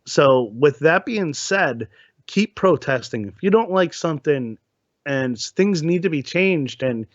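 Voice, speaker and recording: A man from New Jersey co-hosting a casual podcast, talking haltingly and repeating his words. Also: fairly high pitch, lively intonation, no echo, dull audio. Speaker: podcast co-host. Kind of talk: casual chat.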